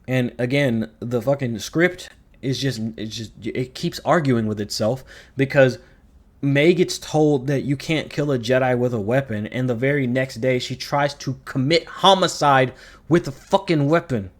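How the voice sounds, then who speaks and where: A man's voice: mid-range voice, a little slow. A man giving a ranting video review, sarcastic, profane and exasperated. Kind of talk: ranting commentary.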